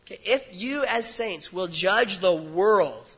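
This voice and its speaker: A man's voice: high voice, animated, slow pace, fairly bright tone, husky, poor audio. A man preaching a sermon to his congregation, chatty and explanatory, with asides and questions to the listeners. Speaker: pastor.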